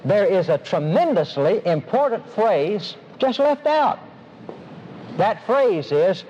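A man with a high, light voice preaches from the pulpit, leaning hard on his key phrases and slowing to press them home. The recording is dull and lo-fi, with a faint hiss underneath. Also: very animated, a little mellow. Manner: emphatic, slows and stresses key phrases. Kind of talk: sermon.

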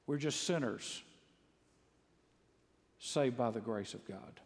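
A man from Mississippi, preaching a sermon in a folksy storytelling way, full of humor and rising to loud exclaims. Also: medium pitch, slow, creaky. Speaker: pastor. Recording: long echo of a large hall.

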